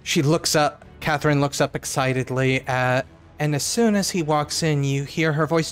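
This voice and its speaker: A man narrating as storyteller in a tabletop horror game, speaking in a measured way with pauses. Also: a little high, steady tone, clear, resonant tone, soft background music.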